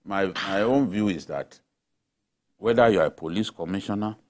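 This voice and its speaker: A man on a television panel giving firm opinions, often halting and restarting his sentences. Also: low-pitched. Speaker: journalist panelist. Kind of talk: studio panel discussion. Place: television studio.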